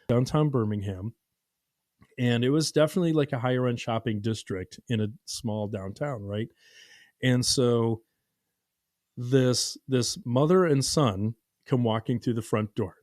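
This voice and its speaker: A man hosting a podcast tells a story in an animated, casual way. He acts out the dialogue and uses plenty of fillers. His voice sits at a middle pitch, and the recording is dry and close. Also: dry recording. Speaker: podcast host.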